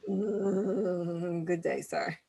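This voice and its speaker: A woman in casual chat, telling a story in a drawn-out, expressive way with breathy asides. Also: lowish voice.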